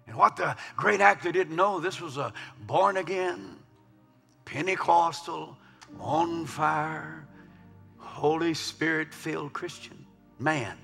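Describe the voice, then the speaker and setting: A man preaching a sermon in a large church, swinging from hushed murmurs to loud shouts. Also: on the high side, slow pace, vocal fry. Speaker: pastor. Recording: long hall reverb with faint music.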